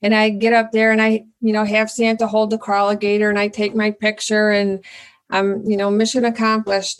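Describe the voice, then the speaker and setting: Animated middle-aged woman telling a story. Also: mid-range voice. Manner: animated, excitable storyteller who acts out her own lines. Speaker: company founder, guest. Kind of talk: casual interview storytelling.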